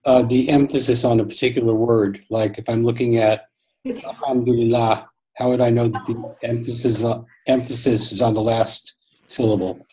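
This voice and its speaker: A man's voice: medium pitch, steady tone, normal speed, mellow, breathy edge, low-quality recording. A man attending an online class as a student, asking a question with hesitant fillers. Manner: inquisitive, hesitant.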